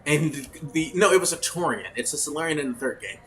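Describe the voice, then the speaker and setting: A man commenting on his own gameplay with a lively, swinging pitch and a bright, forceful tone. He laughs often, swears freely and talks in a loose, casual way. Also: quick pace, faint music behind, rough recording. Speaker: let's play host.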